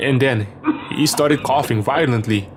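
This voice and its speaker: A man reading a scripted first-person horror story as narrator, in a steady storytelling manner. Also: medium pitch, background noise.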